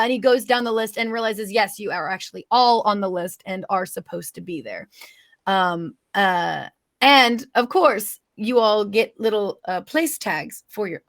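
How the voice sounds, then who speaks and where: A woman game master narrating a tabletop game, rambling and searching for words as she goes. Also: medium pitch.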